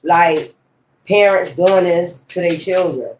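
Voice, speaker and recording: Guy w/ a high voice doing a tarot reading, cussing and rambling, roomy echo. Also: normal speed, a little hiss or hum. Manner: blunt, profane, rambling. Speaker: tarot reader. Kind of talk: casual tarot reading monologue.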